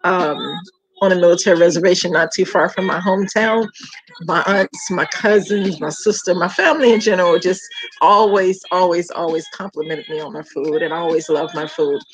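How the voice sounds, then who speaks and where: A middle-aged woman from Georgia with a Southern accent, hosting her food page in a warm, chatty welcome talk that repeats words for emphasis. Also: on the low side, normal speed, rough recording. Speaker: home cook and food page host. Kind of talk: casual heartfelt welcome chat.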